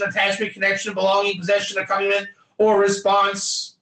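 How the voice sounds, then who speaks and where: Male teacher, bright and tense, drilling points home in a roomy space. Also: high voice, lively intonation, unhurried. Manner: emphatic, repetitive, quizzes students by name. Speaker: Torah teacher. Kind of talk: energetic classroom lecture.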